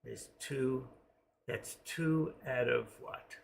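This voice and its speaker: A man's voice: medium pitch, drawn-out words, creaky, slight background noise. A middle-aged man, talking through his trades on a live stream. He thinks aloud and rambles, joking as he goes. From New York. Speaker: day-trading live streamer.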